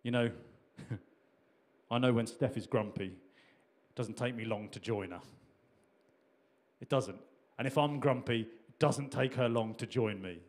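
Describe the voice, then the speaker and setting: A man's voice: medium pitch, measured pace, pauses often. A middle-aged man preaching a sermon in a conversational way, with repetitions and restarts. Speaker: pastor.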